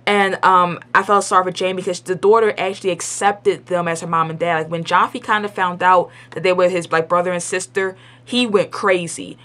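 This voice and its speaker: A woman's voice: lowish voice, steady tone, fairly quick, hardly any pauses, bright, forceful tone. A young adult woman gives a casual spoken episode review at home. She rambles and is blunt and opinionated, with lots of "like" and restarts. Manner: chatty and rambling, full of "like" and restarts; blunt and opinionated, with colloquial grammar.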